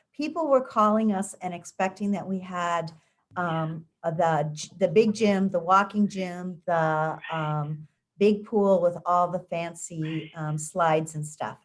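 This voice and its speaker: Woman, education official, low-pitched, chatty with many ums. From United States. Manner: conversational, frequent ums and restarts. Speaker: school district education official. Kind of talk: community interview answers.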